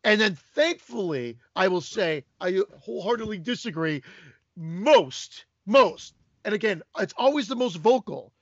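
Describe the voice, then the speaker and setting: A man's voice: high-pitched, expressive, a little slow, no echo, lo-fi sound. A man co-hosting a podcast, ranting in casual chat and swearing a lot. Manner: profane, ranting. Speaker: podcast co-host.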